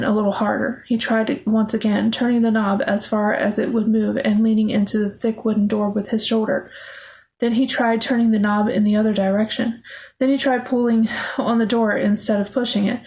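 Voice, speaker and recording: A woman narrating a children's horror novel aloud in a steady, expressive storytelling manner. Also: on the high side, low-quality recording. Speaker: audiobook narrator.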